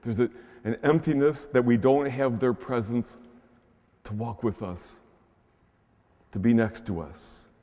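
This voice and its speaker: Priest preaching in a long, echoing church. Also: male voice, medium pitch. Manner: earnest preaching with slow pauses and swelling emphasis; gentle, playful talk to children. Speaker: pastor. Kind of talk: sermon. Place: large church shrine. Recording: long echo of a large church.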